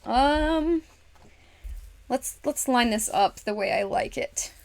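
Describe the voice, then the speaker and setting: A woman's voice: on the high side, expressive, slow pace, creaky, a little mellow. A woman hosting a casual craft livestream, chatting to viewers and talking herself through each step with frequent laughs. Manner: speaks to viewers in chat. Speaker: livestream host.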